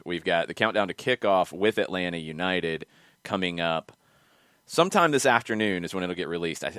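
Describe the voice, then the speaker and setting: Deep, smooth male podcast host. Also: a bit bright, no room sound, studio quality. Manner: fast, rambling promo talk. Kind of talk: casual podcast chat.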